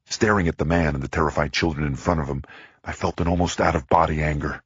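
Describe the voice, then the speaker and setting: A man narrating a crime thriller audiobook in the first person, tense and measured. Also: very deep voice, a bit bright, breathy edge, no room sound, muffled recording.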